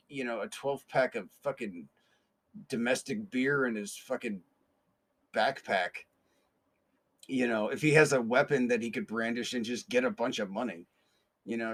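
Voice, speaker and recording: A man hosting a podcast, telling a story in a rambling, casual way with many fillers, restarts and curses. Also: medium pitch. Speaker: podcast host.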